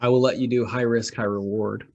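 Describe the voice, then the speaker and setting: A man running a tabletop game as game master, narrating calmly and making quick rules calls. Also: mid-range voice, dull audio, slight background noise. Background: background music.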